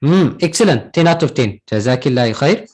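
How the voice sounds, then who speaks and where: A male language teacher running a class, his pitch rising and falling a lot as he explains. He talks patiently, repeats each word and keeps asking "right?" to check the class follows. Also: animated, normal speed, a little mellow, rough recording. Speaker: Arabic teacher. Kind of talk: online class lesson.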